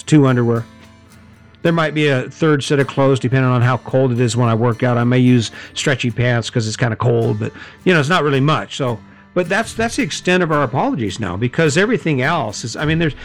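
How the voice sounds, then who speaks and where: A middle-aged man giving a high-energy, conversational motivational talk, often correcting himself mid-sentence. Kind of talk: motivational monologue.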